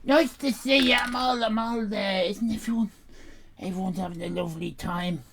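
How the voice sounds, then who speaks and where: A woman playing a sassy, brash sixteen-year-old Irish girl, hosting a live stream in character and rambling loudly to herself. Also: medium pitch, moderate pace, creaky, slight background noise. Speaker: livestream host in character.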